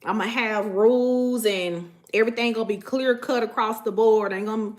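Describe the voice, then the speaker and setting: A woman vlogging casually to her viewers about spiritual matters, animated and profane, laughing often. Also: on the high side, normal speed. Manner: profane, animated, laughs often, repeats "you know what I'm saying".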